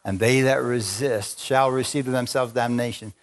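Man, preacher, spontaneous sermon, fervent, swings from low murmurs to high exclamations. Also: steady tone, normal speed. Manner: fervent, rising to exclamations and calls to the congregation. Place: large church with a congregation.

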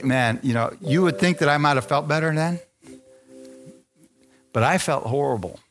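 A man delivering a sermon as a story, voicing the people in it and turning to ask the congregation questions. His pitch sits in the middle of the range. Soft music plays faintly behind him. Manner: storytelling, acts out dialogue, asks the congregation. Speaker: preacher. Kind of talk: sermon testimony.

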